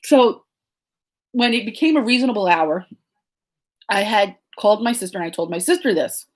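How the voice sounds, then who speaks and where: A woman in her late thirties telling a story in a casual vlog chat. She talks in a rambling, digressive way with lots of fillers, and her tone is soft and reflective. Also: mid-range voice, lively intonation, normal speed. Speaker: crochet and knitting vlogger.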